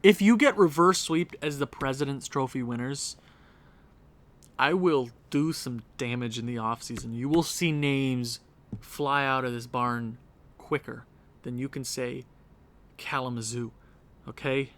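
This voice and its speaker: In a fairly bright, mid-range voice, a young man talks a little slowly while commenting casually on his own hockey video game. He's a gaming video creator at home late at night, exasperated and begging his team to do better.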